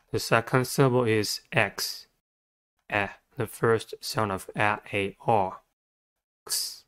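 A man with a fairly low voice teaches vocabulary at a very slow, deliberate pace. He breaks each word into syllables and sounds the letters out one at a time. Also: clear, resonant tone. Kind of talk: instructional narration.

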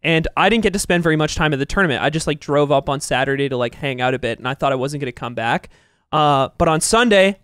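A young man co-hosting a podcast, telling a long story in animated casual chat, swearing and laughing as he goes. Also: on the high side, clear, resonant tone, no room sound, clean studio sound. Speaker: podcast co-host.

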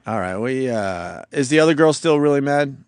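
A man's voice: medium pitch, animated, moderate pace, clear, resonant tone, dry recording. Sarcastic male radio host, dry sound. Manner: sarcastic, needling. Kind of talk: talk radio banter.

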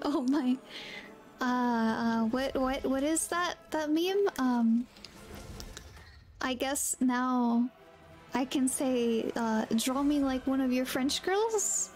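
Brief: high-pitched woman with a Southern US accent, unhurried, playful game streamer. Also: a little mellow, faint music behind. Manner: playful, giggly, musing aloud. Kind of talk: casual live-stream game commentary.

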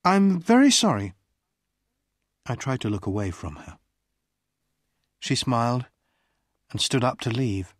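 An audiobook reader narrating a story slowly and carefully for English learners. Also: mid-range voice, no room sound, clean studio sound. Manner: slow, careful, expressive reading.

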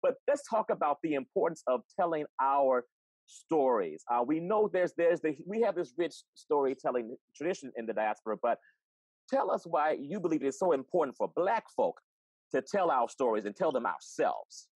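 A man's voice: a little high, sing-song, normal speed, a little mellow, husky, dry recording, rough recording. A man hosting a live virtual interview, speaking with enthusiasm and affirming his guest, often repeating words. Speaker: host. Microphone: video call.

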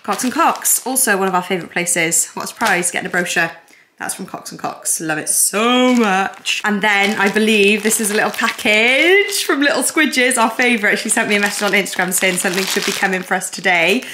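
A young woman chatting casually to a handheld phone camera at home, gushing and excitable as a family vlogger. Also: medium pitch, brisk, noisy background. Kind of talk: casual vlog chat to camera.

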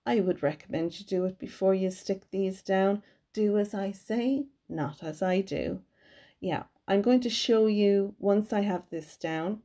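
A woman's voice: mid-range voice, warm tone. A woman giving a chatty, cheerful craft tutorial voice-over from her home craft room. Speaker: card-making crafter.

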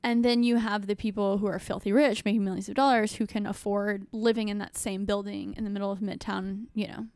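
A young adult woman hosting a podcast, talking in an animated, rambling way full of fillers and restarts. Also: mid-range voice, a little fast, hardly any pauses, no room sound. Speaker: podcast host. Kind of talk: casual chat.

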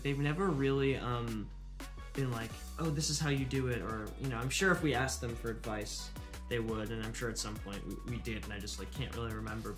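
Rambling young man, casual junket chat. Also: mid-range voice. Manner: rambling, many "like" fillers. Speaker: actor promoting a film.

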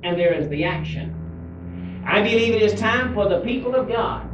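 A man preaching a sermon, stretching out scripture quotes and dropping to a hush on key words. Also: high voice, lively intonation, normal speed, highs cut off. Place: church sanctuary. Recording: echoey church from far off with faint hum, early 1990s tape.

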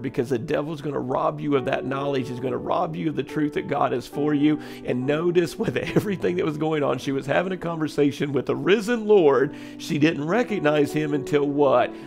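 A man's voice: fairly high pitch, brisk, creaky, hardly any pauses, over music. A man teaching as a church pastor in a devotional, earnest and conversational, with many fillers and restarts.

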